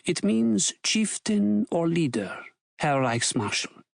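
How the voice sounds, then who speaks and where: A man's voice: a little high, very animated, slow pace, creaky, dry recording, clean studio sound, exaggerated voice. A man voicing a wary German scholar who answers formally and carefully, with a respectful title each time. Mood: cautious.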